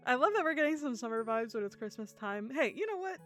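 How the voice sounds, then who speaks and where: A woman streaming a game live, talking to her chat in an excitable, gushing way, laughing often and swearing casually. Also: fairly high pitch, fast, faint music behind.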